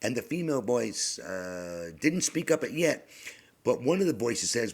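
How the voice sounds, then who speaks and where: A middle-aged man telling a long personal story in a rambling, halting way, often sinking into a hushed whisper. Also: mid-range voice, expressive, slightly rough. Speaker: podcast host.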